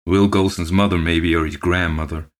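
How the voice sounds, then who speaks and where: A man's voice: low-pitched, normal speed, lightly acted. A man doing an old, placating postmaster. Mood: earnest. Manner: calm, placating, murmuring. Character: old male country postmaster, patient.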